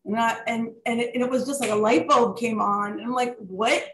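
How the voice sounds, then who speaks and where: Animated woman telling her faith story. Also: a little high, a little fast. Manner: animated, many fillers and restarts, warm testimony. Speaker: author guest; worship leader and pastor. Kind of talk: conversational interview storytelling. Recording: echoey room with faint noise.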